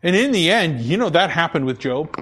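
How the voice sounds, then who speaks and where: A man's voice: a little high, big pitch swings, a little fast, a bit bright, husky. A man preaching a sermon, repeating key phrases for emphasis and often stumbling and restarting. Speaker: pastor.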